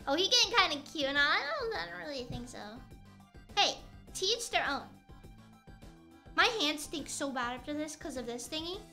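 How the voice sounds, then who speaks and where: A woman's voice: high-pitched, lively intonation, normal speed, creaky, long pauses, sharp tone, faint music behind. A young woman streamer chatting playfully and rambling while she crafts on stream.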